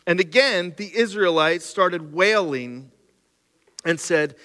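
A male pastor preaching a sermon with humorous, animated asides and reading scripture aloud. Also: on the high side, a little slow, long reverb tail.

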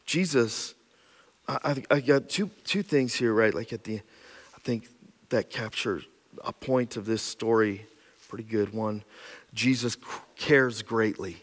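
A man preaching a sermon, swinging from loud emphatic lines to hushed, intimate ones, with casual asides. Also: on the low side, unhurried, in a large hall. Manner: conversational asides with frequent "right?" and "like". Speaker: pastor.

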